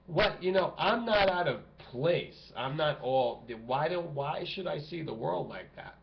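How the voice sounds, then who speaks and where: A man's voice: lively intonation, a little slow, creaky, hardly any pauses. A man rambling and ranting to camera in a vlog, cursing often and restarting his sentences. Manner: profane, agitated, rambling with many restarts. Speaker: vlogger. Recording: muffled low-fi home recording with faint hiss.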